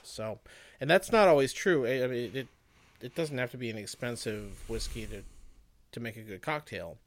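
A man's voice: mid-range voice, moderate pace. Man, podcast co-host, casual rambling chat, restarts sentences. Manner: rambling, restarts often, easygoing.

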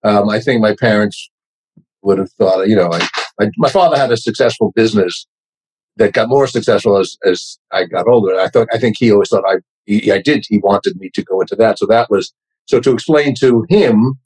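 A man's voice: lowish voice, darkish tone, slightly rough, poor audio. A man in his sixties with a New York accent, a podcast guest telling wry, self-deprecating stories. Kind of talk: casual interview chat.

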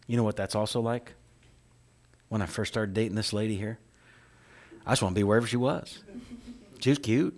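Man, pastor, sermon, conversational, checks in with the listeners, loud emphasis, hushed soft passages. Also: fairly low pitch, brisk, pauses often. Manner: conversational, asks the congregation "right?".

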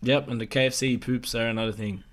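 A man in casual podcast banter with mates. His voice sits at an ordinary middle pitch, and he tosses out blunt, deadpan, sweary remarks. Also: quick pace. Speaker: podcast co-host. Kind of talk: casual chat.

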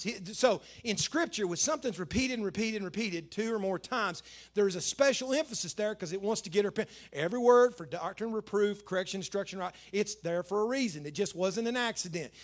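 Middle-aged male pastor, high voice, chatty sermon delivery with emphatic scripture readings. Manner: conversational preaching with repeated phrases and emphatic scripture quotes.

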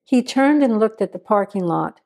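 Woman reading a crime story, steady and even, soft mellow voice. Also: medium pitch, moderate pace, creaky. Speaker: narrator. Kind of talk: scripted story narration.

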